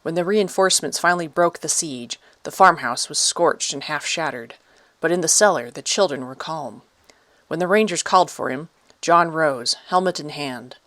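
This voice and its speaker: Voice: mid-range voice, normal speed, pushed and bright, no echo. A narrator reading a dramatic story aloud in scripted audiobook narration on a close studio mic.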